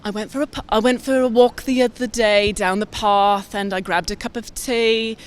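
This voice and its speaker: A woman's voice: on the high side, steady tone, normal speed, close to an everyday voice. A woman putting on a posh British accent to voice a genteel lady chatting about tea and scones. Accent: posh British, put on.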